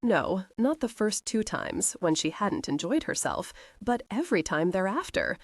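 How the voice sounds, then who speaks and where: A woman narrating a romance audiobook in an expressive, intimate storytelling voice. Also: medium pitch, moderate pace, no room sound, clean studio sound.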